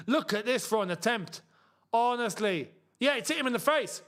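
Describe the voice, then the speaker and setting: A young man gives live reaction commentary on a football match for his watchalong audience. His voice sits high and moves a great deal, and he breaks into shouts and laughter whenever a chance comes. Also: unhurried. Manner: excitable, shouts and laughs at chances, chatty asides.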